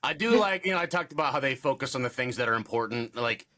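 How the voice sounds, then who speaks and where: A man's voice: medium pitch, animated, fast, pushed and bright. A man co-hosting a podcast, talking casually about a movie in a rambling way, full of fillers. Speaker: podcast co-host. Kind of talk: casual movie review chat.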